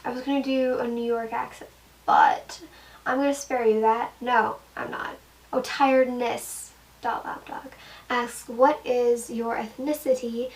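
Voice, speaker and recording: A woman's voice: fairly high pitch, fairly even intonation, measured pace, recorded from a distance, rough recording. Giggly young woman chatting off-mic. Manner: giggly, chatty, self-deprecating. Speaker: vlogger answering fan questions. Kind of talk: casual chat. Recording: from the mic, faint room noise.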